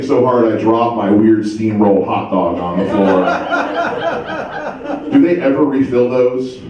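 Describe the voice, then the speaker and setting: Brief: male stand-up comic, deadpan storyteller, dark mellow tone, recorded from afar in a boomy room. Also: normal speed. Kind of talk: stand-up comedy set. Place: comedy club stage. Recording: distant dull mic in an echoey club.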